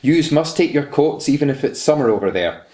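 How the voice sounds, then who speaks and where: A man's voice: mid-range voice, expressive, a little fast, darkish tone, pitched above the performer's own voice, lightly acted. A man reading aloud and voicing fussy, bossy older aunties handing out advice. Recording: roomy echo.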